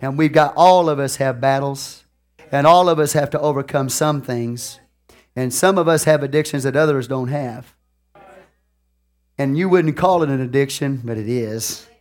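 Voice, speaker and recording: A man preaching a sermon to his congregation, swinging from hushed confessions to shouted lines and laughing often. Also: medium pitch, moderate pace. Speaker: pastor. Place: church.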